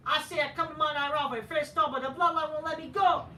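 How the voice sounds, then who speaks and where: Brash male wrestler , impression by a man, high and shouty, trash talk, echoey distant room. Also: steady tone, fast talker, slight background noise, full character voice. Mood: hyped. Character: brash hyped-up male wrestler calling out his twin. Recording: roomy, from a distance.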